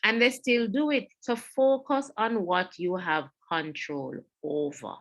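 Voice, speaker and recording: A woman with a Jamaican accent presents a mental health webinar, speaking earnestly and going back over her main points. Her medium-pitched voice is steady and measured, heard through online webinar audio.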